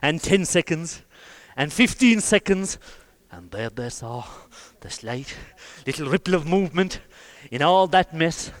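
An Irish man telling a traditional folk tale, his colloquial delivery swinging between loud bursts and hushed asides. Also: fairly high pitch, lively intonation, measured pace. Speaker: storyteller. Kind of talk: traditional oral folk storytelling.

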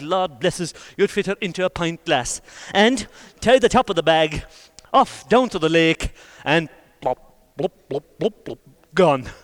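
An Irish man spins a traditional folk tale in a colloquial, lively voice that sits high for a man. He swings from loud, vivid bursts down to hushed asides. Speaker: storyteller. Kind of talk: traditional oral folk storytelling.

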